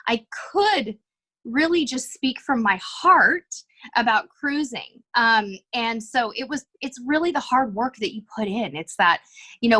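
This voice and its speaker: A woman's voice: fairly high pitch, bright, forceful tone. A middle-aged woman, a cruise vlogger, talking earnestly and reflectively as a guest in a podcast interview. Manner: earnest, reflective, self-aware.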